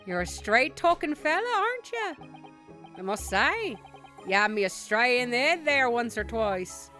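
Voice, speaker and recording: A woman's voice: fairly high pitch, sing-song, unhurried, pushed and bright, heavily acted. A woman voicing a boastful middle-aged Irish tycoon in a hammy put-on Irish brogue, with faint game music behind. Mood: jovial boastful. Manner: hammy, jovial brogue with lilting rises.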